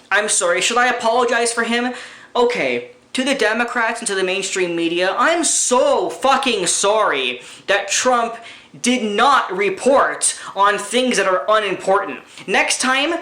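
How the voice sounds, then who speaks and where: Sarcastic ranting man, bright echoey voice. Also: sits high. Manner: angry, sarcastic, profane. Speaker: political commentary vlogger. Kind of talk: ranting commentary. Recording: echoey room.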